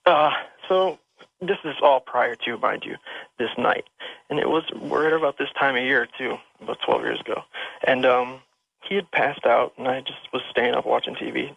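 A man's voice: mid-range voice, normal speed, gravelly, husky, dry recording. A man calling into a radio show over the phone, telling a personal ghost story in a rambling, emotional way with many restarts. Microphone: telephone. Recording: dull lo-fi phone line.

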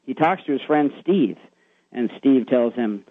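A man's voice: mid-range voice, lively intonation, unhurried, no echo. A man calling in to a radio show, earnestly retelling a secondhand story with many fillers. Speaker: caller. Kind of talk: phone-in storytelling. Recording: tinny phone line.

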